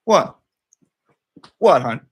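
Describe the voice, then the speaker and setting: A man's voice: on the high side, sing-song, extremely slow, husky, no echo. A man hosting a casual livestream, chatty and profane, breaking off to talk to his dog. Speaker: livestream host.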